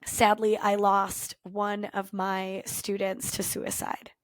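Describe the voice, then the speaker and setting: A woman podcast host and culture coach telling a personal story in an earnest, reflective way, with thoughtful pauses. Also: medium pitch, monotone, no room sound. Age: former teacher, adult.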